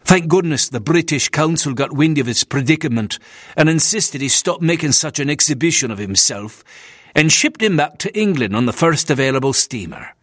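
A male narrator puts on a nervous Scottish minister of the old school, fussing and disapproving as he talks. His delivery swings up and down with lively inflection. The sound is dry and close. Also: a little high, normal speed, no room sound. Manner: stiff, complaining, scornful of his brother.

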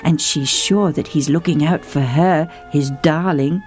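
Expressive woman storyteller, faint music. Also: low-pitched, measured pace. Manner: vivid, emotional, addresses listeners directly. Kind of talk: dramatic storytelling.

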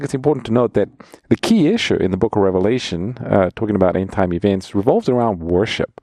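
A man's voice: fairly low pitch, mellow, dry recording, clean studio sound. A man co-hosting a radio Bible call-in show, upbeat as he reads out offers, introduces callers and adds teaching points. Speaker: co-host pastor.

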